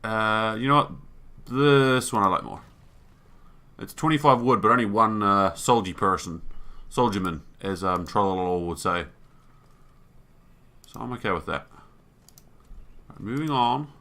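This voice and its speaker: Guy narrating his gameplay, bright voice, swears, reads out the tutorial text. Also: fairly low pitch, a little slow, pauses often. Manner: thinks aloud, swears, reads on-screen text. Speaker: gaming YouTuber. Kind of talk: let's play commentary.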